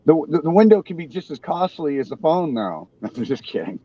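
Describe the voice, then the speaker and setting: A man in his forties hosting a casual live panel, talking haltingly and poking fun at himself. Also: fairly high pitch, very animated, mellow, dull audio. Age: 40s. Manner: halting, self-deprecating, restarts often. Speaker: show host.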